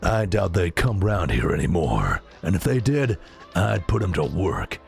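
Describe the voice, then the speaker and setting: A man doing a gruff old bar owner. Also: low voice, big pitch swings, measured pace, soft background music, pitched below the performer's own voice, full character voice. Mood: grumbling.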